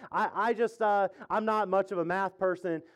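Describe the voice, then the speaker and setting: In a church sanctuary with his congregation, a male pastor gives a casual, joking sermon, chatty and jokey, asking the people questions. His voice is high-pitched with fairly even intonation at normal speed.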